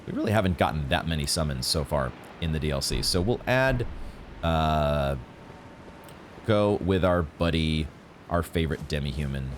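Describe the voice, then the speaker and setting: A man giving excitable, swear-laden commentary while playing a video game. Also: extremely low pitch, moderate pace, a little hiss or hum. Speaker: gaming channel host. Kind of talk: live gameplay commentary.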